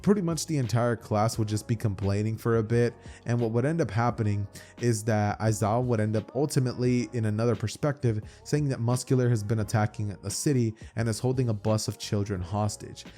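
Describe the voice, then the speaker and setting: A man's voice: on the low side, fairly quick, few pauses, warm tone, faint music behind. A young man casually narrating a fan story, rambling with slang and restarts.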